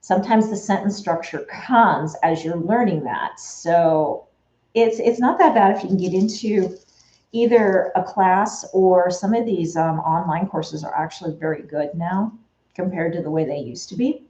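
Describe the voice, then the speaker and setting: A woman in casual conversation who rambles from point to point, picking up fillers and restarting sentences as she goes. Her voice sits a little low and sounds mellow. It comes through in an echoey room on a somewhat dull, lo-fi recording. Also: measured pace. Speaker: Etsy shop owner. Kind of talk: casual chat while working.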